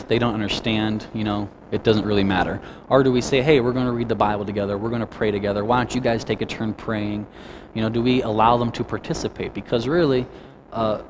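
A man's voice: mid-range voice, noisy background. A man giving a conversational sermon. He keeps asking his listeners questions and adds lots of casual asides. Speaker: preacher. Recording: music playing clearly behind.

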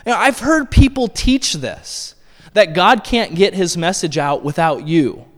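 A man's voice: sits high, expressive, measured pace, a bit bright. A man preaching a sermon in a conversational way, often checking in with his listeners by asking "right?". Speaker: pastor. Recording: long hall reverb.

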